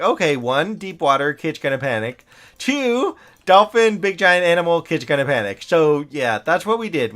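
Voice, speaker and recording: A man's voice: a little high, fairly bright tone, clean tone. A middle-aged man from the United States, chatting casually and rambling on a live gaming stream, laughing often and talking to the characters in his game. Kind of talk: casual live-stream chat while playing.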